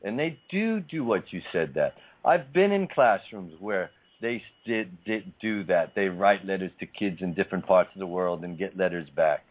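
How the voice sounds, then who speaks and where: A man's voice: deep voice, expressive, moderate pace. A man hosting a casual spiritual talk show, speaking emphatically and repeating his phrases for effect. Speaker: host. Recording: tinny phone-line sound.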